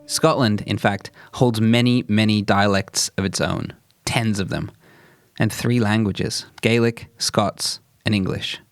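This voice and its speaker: Giggly low-voiced podcast host. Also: male voice, fairly even intonation, measured pace, faint music behind. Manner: enthusiastic, giggly, self-mocking. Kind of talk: casual chat.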